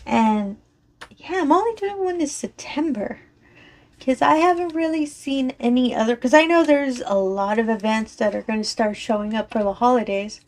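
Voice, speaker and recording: A rambling, chatty woman with a twang talks while crafting, her voice slightly high and a touch strained. She apologizes often and keeps things loose and casual. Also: moderate pace. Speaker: crafting vlogger. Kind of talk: casual chat while diamond painting.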